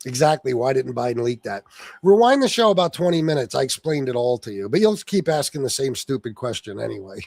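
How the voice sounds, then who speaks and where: A man's voice: mid-range voice, sing-song, fairly quick, creaky, darkish tone, dry recording. A man hosting a political livestream, reading chat and ranting angrily with lots of swearing. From Sicilian heritage. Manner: angry, profane ranting at viewers.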